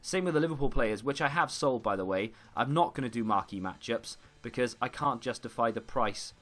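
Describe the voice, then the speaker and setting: A man's voice: medium pitch, expressive, brisk, fairly bright tone. A man giving running commentary over his own football video game match, frustrated and self-deprecating. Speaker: gaming YouTuber. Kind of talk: live gameplay commentary.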